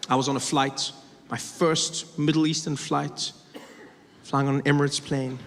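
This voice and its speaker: High-voiced man doing stand-up in echoey hall. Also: flat delivery, unhurried, fairly bright tone. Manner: conversational, self-mocking asides. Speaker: stand-up comedian. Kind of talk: stand-up comedy set.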